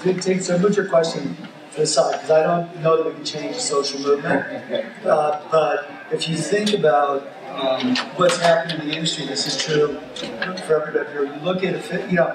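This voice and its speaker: Panel guy, slightly high voice, keeps repeating words, echoey noisy hall. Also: fairly even intonation, fairly quick. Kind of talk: conference panel talk. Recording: echoey hall, distant mic, room noise.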